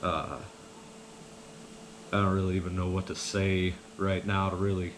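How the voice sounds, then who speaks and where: A man's voice: deep voice, level tone, unhurried, background noise. A man telling a casual story to camera, rambling with lots of fillers and an easygoing manner. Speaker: vlogger.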